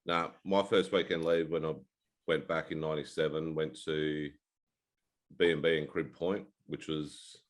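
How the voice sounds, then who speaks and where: An Australian man in his forties with a very low voice chats casually as a co-host. He rambles through stories in a laid-back way and swears freely. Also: flat delivery, moderate pace. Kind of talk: casual chat.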